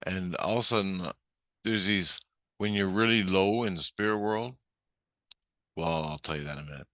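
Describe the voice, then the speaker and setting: A man's voice: low-pitched, moderate pace, sharp tone, no room sound, studio quality. Swearing, agitated middle-aged man. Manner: profane, agitated, rambling. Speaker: vlogger recounting a spiritual experience. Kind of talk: rambling spoken storytelling.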